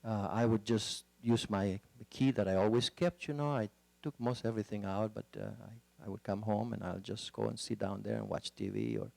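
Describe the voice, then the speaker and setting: Gravelly low-voiced man, halting. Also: steady tone, darkish tone, no room sound. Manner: halting, with frequent fillers. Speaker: guest speaker sharing testimony. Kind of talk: personal testimony talk.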